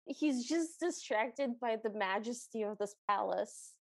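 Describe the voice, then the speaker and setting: A woman's voice: on the high side, expressive, unhurried, vocal fry, no echo. A woman co-hosting a podcast, recapping a film in playful casual chat. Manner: playful, acts out characters. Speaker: podcast co-host.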